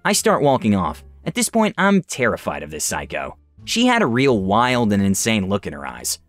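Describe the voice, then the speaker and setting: A young man reading online stories aloud with an animated, expressive delivery. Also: on the low side, moderate pace, faint music behind. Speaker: story reader.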